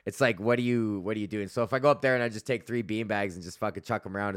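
A man's voice: fairly low pitch, very fast, no room sound, clean studio sound. A man hosting his podcast, telling a rambling, profane story packed with fillers and laughing at his own jokes. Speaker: podcast host and stand-up comedian. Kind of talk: casual rambling monologue.

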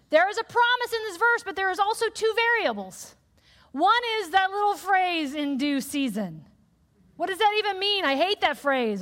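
A woman with a high voice preaches a sermon in a lively, conversational way, acting out quoted voices as she goes. Her voice rings out in a large hall with a long, trailing reverb. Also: normal speed.

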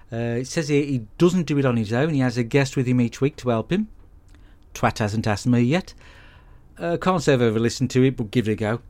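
A man hosting a podcast, recapping a film in a sweary, deadpan, blokey monologue. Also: mid-range voice. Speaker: podcast host. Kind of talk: comic film review monologue.

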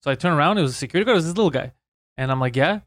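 Fast-talking profane man. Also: a little high, animated, no echo. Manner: rapid, profane storytelling. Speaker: podcast co-host. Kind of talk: casual comedic chat.

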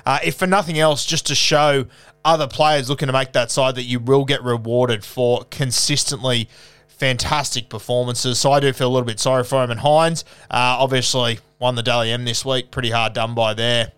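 A man's voice: medium pitch, steady tone, normal speed, fairly bright tone, smooth. A young Australian man hosting a casual live Q&A, laid-back and chatty, calling everyone mate. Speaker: podcast host.

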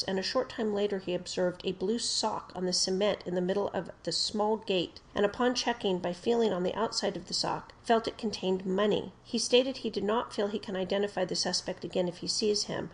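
Woman calmly reading a police report. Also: mid-range voice. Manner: steady, formal delivery that gets louder on quoted shouts. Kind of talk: measured reading of an official report.

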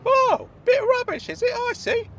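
A man voicing a fussy, nostalgic older uncle in a high, squeaky put-on voice, prim and insistent, in a comedy podcast sketch. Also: sing-song, measured pace, fairly bright tone, a little hiss or hum, heavily acted. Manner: insistent, prim and easily delighted.

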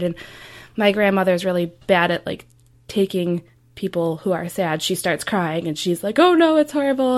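A young woman recalling memories of her grandfather in a casual, chatty way with many fillers. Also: fairly low pitch. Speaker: interviewee, grandchild. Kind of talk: personal recollection.

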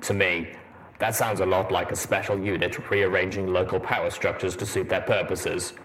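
A gruff armored pony soldier from an audio storybook, played by a man, his voice deep and rumbling with a very low pitch. He lays out every point in a dry, measured deadpan, with a faint hiss behind him.

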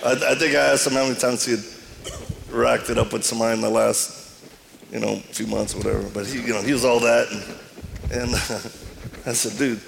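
Cajun male preacher, mid pitch, gravelly, playful storyteller, noisy live feed. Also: a little fast, pauses often, in a large hall. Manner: humorous, animated storytelling with self-deprecating asides.

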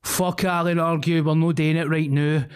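A man's voice: a little high, flat delivery, moderate pace, clear, resonant tone. A Scottish man co-hosting a podcast, sweary and laughing through rowdy banter. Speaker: podcast co-host. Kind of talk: casual banter.

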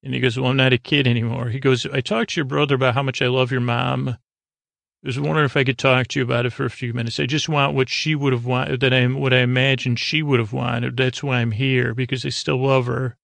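A man with a gravelly, creaky voice talks through an episode recap in a flat, level tone. He rambles and restarts often, filling pauses with "uh". The sound is dry and close, with no room around it. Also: medium pitch, no room sound. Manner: rambling, halting, many fillers and restarts. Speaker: podcast host recapping an episode. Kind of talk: casual sleepy recap monologue.

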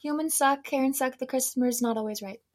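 A woman co-hosting a casual chat, telling work stories in a lively way and acting out customers, with a voice trained to project. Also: sits high, quick pace. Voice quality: projecting theater voice. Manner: animated storyteller, acts out customers in voices. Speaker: podcast co-host.

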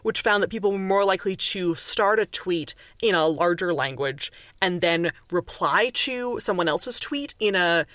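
A woman's voice: fairly low pitch, lively intonation, moderate pace, few pauses, fairly bright tone, no echo. A woman from Canada talks through language as a guest on a podcast interview. She is chatty and explanatory, with plenty of fillers and restarts. The sound is dry and close to the mic. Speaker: author and linguist guest.

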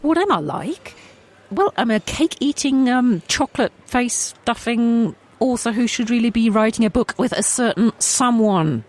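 Playful woman author with a husky voice. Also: on the high side, normal speed. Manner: playful, teasing, expressive. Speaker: author and podcast co-host. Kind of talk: casual chat.

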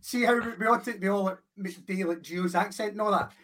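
Man, high voice, husky, jokey banter, far from the mic. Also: fast, a bit bright. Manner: jokey, teasing. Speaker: podcast co-host. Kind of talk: casual football chat.

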